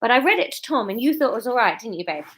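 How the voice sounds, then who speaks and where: A woman's voice: a little high, very animated, racing, fairly bright tone, slight background noise. Woman, a bit tipsy, chatty, rambling, giggly, casual livestream from home. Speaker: comedian and author reading her serial story. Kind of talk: casual livestream chat and story reading.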